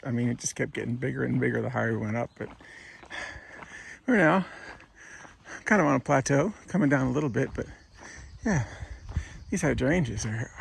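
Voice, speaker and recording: This pilgrimage-route vlogger has a creaky, mid-range voice, and a little hiss or hum sits in the audio. Out by a port and industrial road, past a factory, he walks on a sore foot and rambles chattily to his camera, correcting himself along the way.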